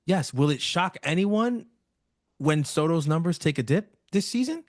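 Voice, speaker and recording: Male co-host, casual slangy chat, slightly high voice, dry close sound. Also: animated, normal speed, no room sound. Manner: opinionated, loose slang, talks through his points. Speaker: co-host of a fan show.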